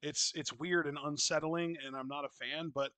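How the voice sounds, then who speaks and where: A man with a fairly high, bright, sharp voice talks in a loose, unscripted podcast style. He is blunt, opinionated and freely profane, and he circles back with restarts as he thinks. The sound is close and dry, with no room around it. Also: fairly even intonation, normal speed, dry recording. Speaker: wrestling podcast co-host. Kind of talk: casual podcast chat.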